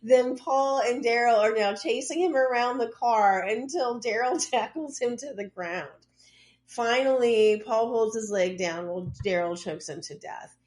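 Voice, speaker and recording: A woman's voice: fairly high pitch, unhurried, a little mellow. A woman co-hosting a podcast, casually retelling a case with loose asides and lots of "like.". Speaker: podcast co-host. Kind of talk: casual true-crime storytelling.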